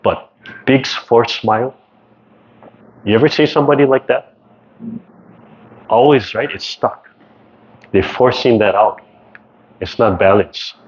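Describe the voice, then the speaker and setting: Measured and often pausing, a mid-range male voice with a breathy edge leads a relaxed tai chi class by video call. Almost every phrase ends in "right?", heard through dull, lo-fi call audio.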